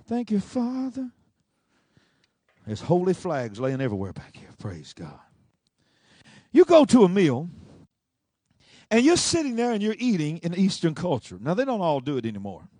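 A pastor preaching a sermon, swinging between shouting and a low, rhythmic delivery. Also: male voice, wildly swooping pitch, moderate pace, no room sound.

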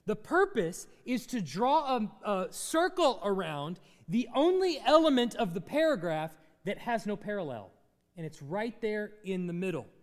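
A man's voice: high voice, very animated, normal speed, in a large hall. A man preaching a sermon as pastor, teaching through a Bible passage and asking his congregation questions.

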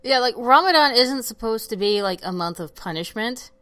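Woman podcast cohost, smooth clear voice, joking around about herself, dry close mic. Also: a little high, moderate pace, no room sound. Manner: animated, joking, self-mocking. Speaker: podcast co-host. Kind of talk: casual chat.

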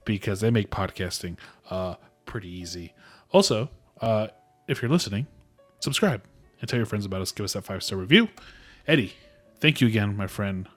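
A man with a low voice co-hosts a casual podcast. He talks fast, swears freely and teases his friend. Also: animated, soft background music. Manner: profane, teasing banter. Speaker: podcast co-host. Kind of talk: casual chat.

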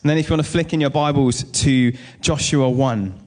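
A man's voice: mid-range voice, moderate pace, darkish tone. Male pastor, easygoing sermon delivery, chatty asides and anecdotes. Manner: conversational, with personal stories and asides.

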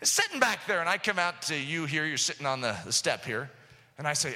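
A man preaching a sermon, impassioned, with sudden loud outbursts, recorded in an echoey hall. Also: a little high, sing-song, fairly quick.

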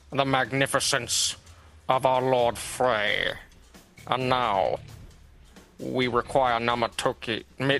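A man voicing a mock-courteous male villain who speaks slowly and menacingly. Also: medium pitch, pushed and bright.

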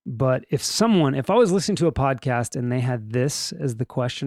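A man's voice: medium pitch, lively intonation, fairly quick, darkish tone, no echo, clean studio sound. A man hosting a casual news podcast, rambling and joking through the stories with restarts and mock voices. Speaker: podcast host.

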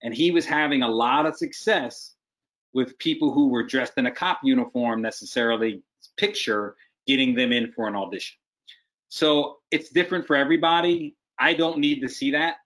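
A man's voice: mid-range voice, moderate pace, fairly bright tone. A man working as a casting director, giving direct, emphatic advice in a video-call interview.

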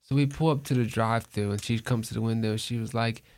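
A man's voice: mid-range voice, fairly even intonation, fast talker, a little mellow. A man telling a funny story in casual chat with friends, laughing often. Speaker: podcast co-host.

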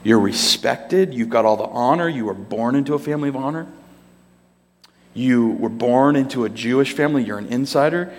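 A man's voice: medium pitch, moderate pace. A man preaching a sermon, telling the story with animation and acting out the characters in voices. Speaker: pastor. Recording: long reverb of a large hall.

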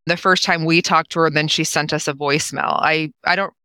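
A woman guest in a casual interview, easygoing and quick to laugh. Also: sits low, steady tone, sharp tone, smooth, no echo. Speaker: guest, nonprofit co-founder.

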